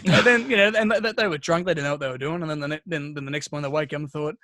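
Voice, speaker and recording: A man's voice: fairly high pitch, racing, sharp tone, no room sound, clean studio sound. A man chatting casually on a podcast, telling stories with lots of swearing and restarts. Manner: rambling storyteller, heavy swearing, many restarts. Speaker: podcast co-host. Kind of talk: casual chat.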